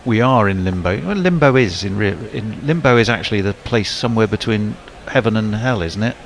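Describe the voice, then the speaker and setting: A low-pitched man doing laid-back cricket commentary, full of jokes and chuckles. Faint outdoor ambience hums behind him. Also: animated, fairly quick, slight background noise. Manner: jokey, chuckling, chatty. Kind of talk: casual cricket commentary chat.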